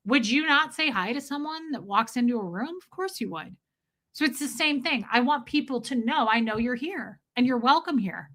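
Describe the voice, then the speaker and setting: A woman hosting a casual livestream, greeting viewers by name and telling a self-mocking story in an animated way. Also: on the high side, normal speed. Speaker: livestream host. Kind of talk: casual livestream chat reading viewer comments.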